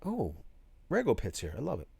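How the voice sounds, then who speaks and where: A man hosting a casual live stream, reading viewer chat aloud and answering in a loose, animated way. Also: medium pitch, brisk, vocal fry, slightly rough, no echo. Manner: animated, reads chat aloud, calls people bro. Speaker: livestream host reading chat.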